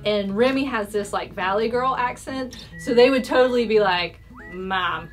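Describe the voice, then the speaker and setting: A woman's voice: on the high side, moderate pace, soft background music. A woman guesting on a casual YouTube interview, bubbly and giggling between answers.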